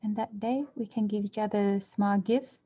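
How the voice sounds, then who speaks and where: A woman interpreting a dharma talk, speaking in measured short phrases and now and then correcting herself mid-word. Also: mid-range voice, steady tone, warm tone. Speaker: interpreter for a Buddhist teacher. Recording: dull lo-fi recording.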